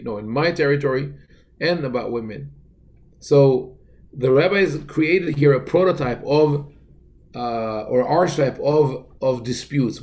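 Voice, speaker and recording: A man teaching a relaxed Torah lesson as a rabbi, talking conversationally with many fillers and restarts, reciting Hebrew verses and adding dry joking asides. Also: medium pitch. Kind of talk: casual Torah class.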